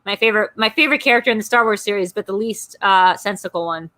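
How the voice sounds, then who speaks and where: A woman hosting a live stream, chatting casually and ranting in quick asides. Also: medium pitch, sharp tone. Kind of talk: casual chat.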